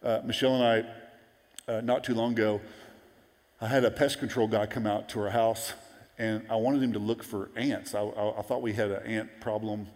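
A man in his forties preaching a sermon, telling stories in a lively way and acting out the voices of the people he quotes. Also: on the low side, moderate pace. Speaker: pastor. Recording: long hall reverb.

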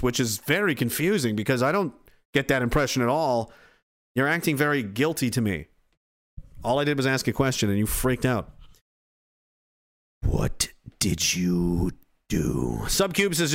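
A middle-aged man rants on his podcast stream, swearing freely and slipping into mocking voices for the people he quotes. His voice sits a little high for a man. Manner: profane, animated, acts out quoted voices. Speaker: podcast host reading chat. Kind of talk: casual livestream rant.

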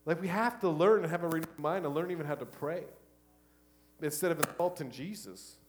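A middle-aged man preaching a sermon, switching between loud exhortation and quiet, hushed asides. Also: a little high, fairly quick. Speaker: pastor.

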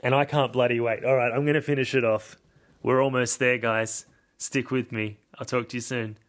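A man's voice: medium pitch, level tone, normal speed. A man hosting a podcast alone, giving casual film commentary in a rambling, wry and self-mocking way. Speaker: podcast host.

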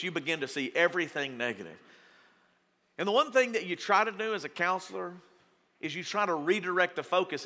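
A man preaching a folksy, joking sermon to his congregation in a large church hall, acting out quoted voices with big jumps in pitch. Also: pushed and bright. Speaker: pastor. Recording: long hall reverb.

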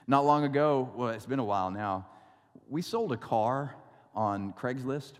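A male pastor preaching a sermon, stretching out scripture slowly and telling stories with wry asides. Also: mid-range voice, expressive. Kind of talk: sermon with storytelling. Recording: long reverb of a large hall.

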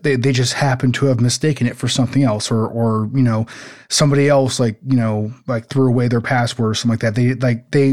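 A man's voice: mid-range voice, a little mellow. A man in casual podcast conversation, rambling with lots of "like" and "you know" and some swearing.

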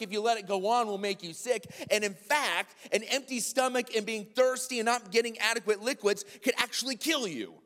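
High-voiced man preaching in a reverberant hall. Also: a bit bright. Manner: emphatic, repeats key lines for effect. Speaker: pastor. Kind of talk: sermon. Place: large church sanctuary.

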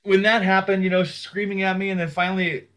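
A man with a somewhat high voice tells a personal story in easy, casual conversation. He talks frankly and swears freely. He acts out the lines of the people in his story. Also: fairly quick. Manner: animated, acts out other people's words.

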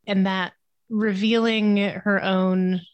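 A woman's voice: medium pitch, little pitch movement, slow, dry recording, lo-fi sound. A woman in a casual book discussion, reflective and analytical. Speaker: podcast guest.

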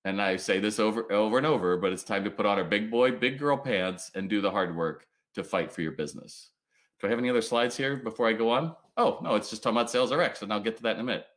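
Guy on a live stream going off at retailers, blunt, swears a lot, voice jumps way up when he gets worked up. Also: fast. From United States. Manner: blunt, fiery, swears, lively swings in pitch. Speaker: business coach livestream host. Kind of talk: ranting motivational livestream talk.

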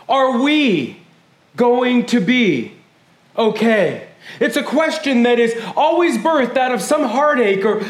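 A man preaching as pastor, emotional, calling his congregation family and swinging from hushed grief to shouted praise. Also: extremely high pitch, roomy sound. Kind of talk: sermon. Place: church sanctuary.

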